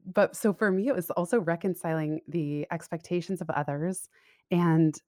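Woman guest on a call, lowish voice, reflective, laughs a lot, dry sound. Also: normal speed, a little mellow, no room sound. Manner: thoughtful, candid, laughs often, frequent restarts. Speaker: guest, career coach and business owner. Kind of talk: reflective conversational interview. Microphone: remote call audio.

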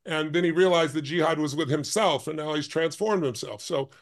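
A man who is a guest on a podcast, telling a story in an intense, emphatic way with quick bursts. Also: a little high. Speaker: guest, life and business strategist.

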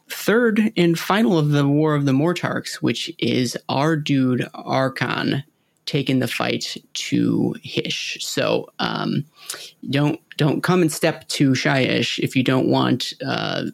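Creaky-voiced, hesitant male podcast host. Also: medium pitch, big pitch swings, slow pace, dry recording. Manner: hesitant, many ums and restarts. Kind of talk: casual chat.

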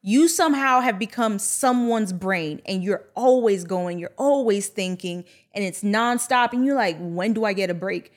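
A woman guest in a casual podcast chat, supportive and quick to agree. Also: mid-range voice.

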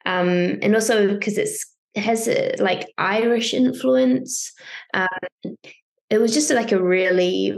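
A woman's voice: on the low side, creaky. A young woman with a New Zealand accent, chatting as an actor guest in an interview, with frequent fillers and light laughs. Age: young adult. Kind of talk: casual interview chat.

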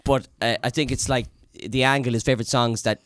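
A man's voice: mid-range voice, fairly even intonation, brisk, a bit bright, smooth, dry recording, clean studio sound. A man co-hosting a podcast, chatting casually and rambling with plenty of hesitations. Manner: rambling, hesitant with many ums. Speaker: podcast co-host. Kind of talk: casual chat.

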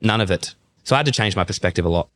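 A man's voice: sits low, rapid-fire. A man in his thirties from Australia with an Australian accent, a guest athlete telling stories in a casual interview. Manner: animated storyteller, acts out remembered dialogue.

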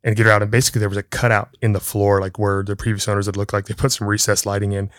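Racing through a casual story, this middle-aged podcast host speaks with a completely flat delivery in a fairly low, slightly bright voice. He laughs often and acts out the voices in the tale, and the recording is dry with clean studio sound.

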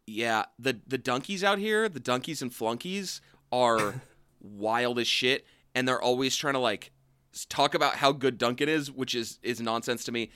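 A man's voice: medium pitch, normal speed, pushed and bright, clean tone. A man co-hosting a podcast, ranting profanely and jokingly in casual chat. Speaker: podcast co-host.

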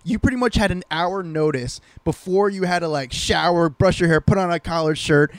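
A man co-hosting a podcast, telling stories in an animated, teasing way. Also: high voice, moderate pace, no room sound. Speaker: podcast co-host. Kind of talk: casual chat.

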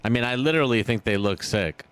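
A man's voice: mid-range voice, animated, fast, fairly bright tone, clean tone. A man co-hosting a podcast, teasing and playfully clueless in casual chat. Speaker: podcast co-host.

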